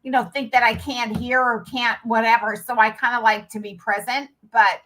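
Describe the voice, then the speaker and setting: A woman's voice: fairly high pitch, little pitch movement, moderate pace, sharp tone, poor audio. A middle-aged woman with a faded New York accent, chatting casually in an agreeable, rambling way. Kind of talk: casual chat.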